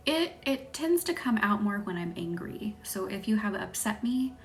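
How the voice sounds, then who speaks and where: Soft-spoken Southern woman, half whispering. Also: mid-range voice, big pitch swings, normal speed. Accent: light Southern American. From American South. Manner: soft, often drops to a whisper; chatty, laughs easily, thanks viewers by name. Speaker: Reiki practitioner hosting a live stream. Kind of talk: live-stream chat with viewers during a Reiki session. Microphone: phone or webcam on a live stream.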